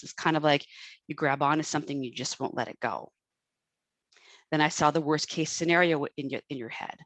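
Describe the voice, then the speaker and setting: A woman talking through her own stress and how she calms down, earnest and full of restarts, like a coach working it out aloud. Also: low voice, no room sound. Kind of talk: self-help talk.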